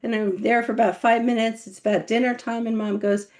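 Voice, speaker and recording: A middle-aged woman with one paralyzed vocal cord talks in a slightly high voice at a fairly quick pace. A memoir author, she recounts her life story in an interview, animated and laughing as she acts out quoted voices.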